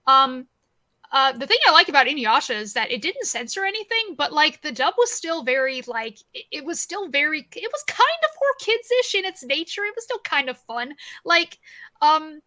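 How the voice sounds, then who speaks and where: A woman talking as a podcast guest in casual chat, animated and rambling, swearing freely. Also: high-pitched, normal speed.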